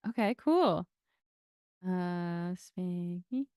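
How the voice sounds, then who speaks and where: A bubbly woman hosts a casual livestream, and her pitch swings up and down as she talks. She laughs often between questions. Her voice is close and dry, with no room sound. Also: animated, extremely slow, darkish tone, clean tone, no room sound. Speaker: stream host.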